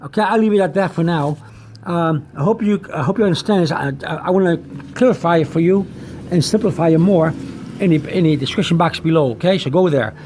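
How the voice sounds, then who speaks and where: A man teaching an informal lesson on medical and chemical terms, pausing, repeating himself and spelling words out letter by letter. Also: a little high, darkish tone, slight background noise.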